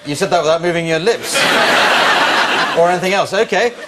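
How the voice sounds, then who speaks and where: A man's voice: high voice, fairly quick, a loud crowd, very noisy. A man hosting an improv comedy show, introducing games with wry, dry asides. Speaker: game show host. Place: TV studio with live audience. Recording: loud studio audience behind.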